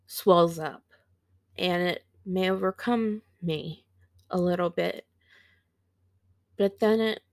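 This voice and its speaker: A woman in her thirties hosting a podcast, telling a personal story in a slow, halting, reflective way and sounding teary. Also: lowish voice, creaky, no room sound, clean studio sound. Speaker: podcast host.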